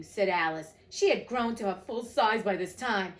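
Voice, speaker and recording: A woman's voice: mid-range voice, normal speed, poor audio. Emotional woman reading a storybook aloud. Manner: emotional, chatty, slangy asides. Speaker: reader of classic books. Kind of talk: storybook reading with chatty asides.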